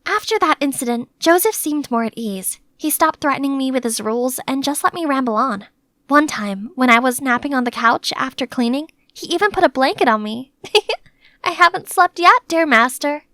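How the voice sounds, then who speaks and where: High bright young female storyteller. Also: fairly quick, no echo, clean studio sound. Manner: lively, chatty. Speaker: narrator. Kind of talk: animated story narration in first person.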